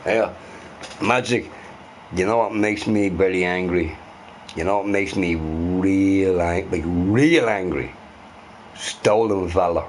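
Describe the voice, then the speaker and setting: A man's voice: low voice, slow pace, pauses often, a little hiss or hum. A young man ranting loosely to his live chat, swearing and repeating himself. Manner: animated, sweary, repeats phrases. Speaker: live streamer answering chat.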